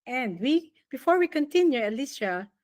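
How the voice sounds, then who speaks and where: A woman's voice: high voice, big pitch swings, normal speed, darkish tone. A woman hosting a live radio show, introducing a segment in an informal way and restarting words as she goes. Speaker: radio host.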